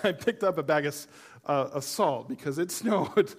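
A middle-aged pastor with a somewhat high voice, preaching to his congregation. He tells his stories with animated humor, then eases into a quieter, earnest tone. It is a live church sermon. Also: normal speed, breathy edge. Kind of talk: sermon with personal storytelling. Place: church service before a congregation.

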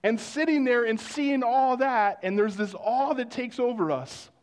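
A male pastor preaching a sermon in a conversational storytelling way, dropping to hushed exclamations of wonder. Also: extremely high pitch, a little slow.

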